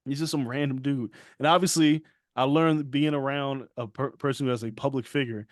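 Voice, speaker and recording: A podcast co-host talks a little fast in a medium-pitched voice, with studio-quality audio and no room sound. His casual storytelling is animated, full of acted-out quotes and frequent laughs.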